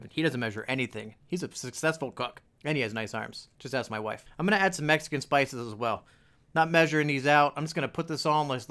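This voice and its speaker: A man's voice: medium pitch, fairly bright tone. Chatty man hosting a home cooking vlog. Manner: chatty, jokey asides to viewers. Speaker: cooking video host. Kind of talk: casual cooking demonstration. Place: home kitchen.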